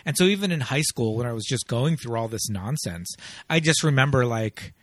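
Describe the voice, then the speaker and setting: A man's voice: mid-range voice, expressive, brisk, dry recording. A man hosting a podcast in casual chat, laughing often and talking loosely with fillers. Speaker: podcast host.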